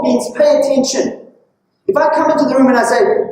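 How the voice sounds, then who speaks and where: Woman preacher, sermon, high voice, questioning and emphatic, very echoey room, far from the mic. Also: normal speed, mellow. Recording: very echoey hall, distant mic.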